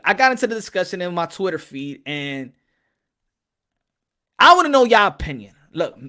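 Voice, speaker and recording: Animated, bright-voiced boxing vlogger. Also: male voice, high voice. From Texas, USA. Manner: animated, repetitive, profane. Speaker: boxing commentator and host. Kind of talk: casual opinion vlog.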